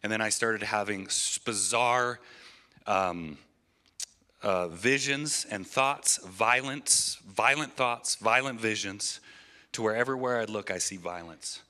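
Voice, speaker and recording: A man's voice: fairly low pitch, takes it slowly, sharp tone. A man in his thirties giving an earnest, emotional testimony in a church sermon, often restarting his phrases. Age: 30s.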